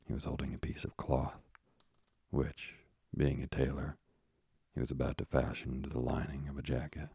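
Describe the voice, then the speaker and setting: A man narrating a classic novel as a slow, soft-spoken sleep story. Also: very deep voice, flat delivery, gravelly, husky, dry recording, clean studio sound.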